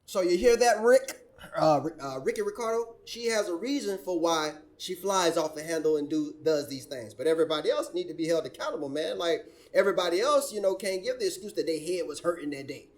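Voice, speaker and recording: A man with a high voice gives reaction commentary in a sarcastic, preaching way. He mocks others with quick put-on quotes. He keeps returning to sermon-like points. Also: lively intonation. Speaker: commentary show host.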